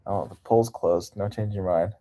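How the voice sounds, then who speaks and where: A man's voice: sits low, moderate pace, mellow. A man hosting a livestream, talking casually and candidly in a rambling way, often laughing. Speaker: livestream host.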